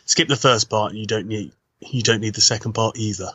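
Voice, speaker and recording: A man's voice: fairly low pitch, brisk, bright, forceful tone, breathy edge, muffled recording. A man co-hosting a movie podcast in casual chat, wry as he reads out reviews. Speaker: podcast co-host.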